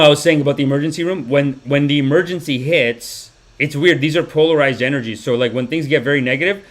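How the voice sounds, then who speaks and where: A young man hosting a comedy podcast, telling stories animatedly and slipping into voices. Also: medium pitch. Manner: animated, acts out people with voices. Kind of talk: comedic storytelling monologue.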